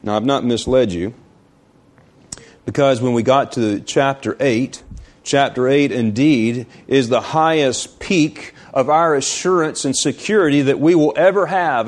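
In a mid-range voice, a male pastor preaches, piling up emphatic rhetorical questions and drawing out important phrases by slowing down.

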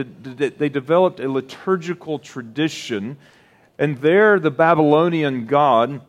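Slow, deliberate preaching man. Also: medium pitch. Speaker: pastor. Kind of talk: sermon.

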